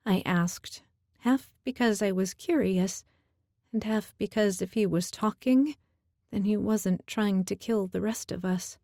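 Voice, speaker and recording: A woman narrating a first-person fantasy audiobook in a slow, emotional storytelling manner on a close studio mic. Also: medium pitch, vocal fry, warm tone, no echo.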